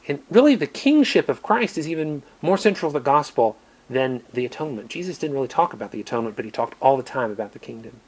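An American man preaching a sermon, earnest, moving between emphatic lines and quiet ones. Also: mid-range voice, husky. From United States.

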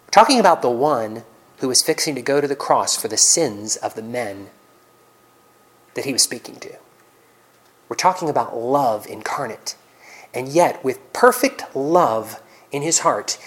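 An earnest man preaches a sermon. He reads scripture in a raised, ringing voice. He then drops to soft, almost whispered reflection, with wide swings in loudness. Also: medium pitch, expressive, normal speed, poor audio.

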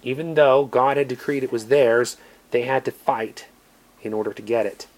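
An American man preaching a sermon, earnest, moving between emphatic lines and quiet ones. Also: medium pitch, fairly even intonation, normal speed. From United States.

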